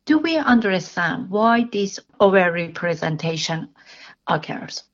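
A woman interviewing a guest for radio, asking questions in a measured, attentive way. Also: lowish voice, very animated. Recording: dull lo-fi sound.

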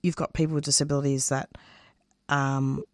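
Speaking at a normal speed with an extremely low pitch and a flat delivery, a woman who produces radio answers interview questions candidly. She is intense, emphatic and openly emotional, and the clean studio sound has no room noise.

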